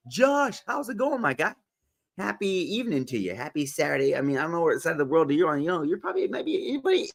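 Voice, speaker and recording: An upbeat man hosting a casual livestream, his voice sitting high for a man. He swings his pitch widely as he greets viewers one by one and laughs easily. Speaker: motivational livestream host. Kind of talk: casual live-stream chat greeting viewers.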